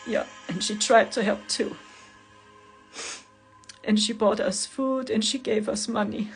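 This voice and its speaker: A woman's voice: fairly high pitch, fairly even intonation, unhurried, gravelly. Woman, earnest rambling vlog talk, faint music underneath. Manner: earnest, rambling, repeats herself. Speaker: spiritual vlogger. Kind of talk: emotional personal vlog.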